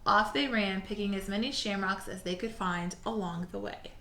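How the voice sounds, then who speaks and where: Teacher read-aloud: woman, encouraging and clear, bright tone, echoey room. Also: medium pitch, fairly even intonation, a little hiss or hum. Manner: clear, encouraging, slightly halting when speaking freely. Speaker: elementary school teacher. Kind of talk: reading a storybook aloud and giving assignments. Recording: roomy echo.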